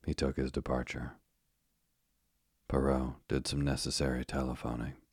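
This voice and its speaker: Very deep, husky male narrator. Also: little pitch movement, normal speed, darkish tone, no echo, studio quality. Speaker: audiobook narrator. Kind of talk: scripted first-person narration.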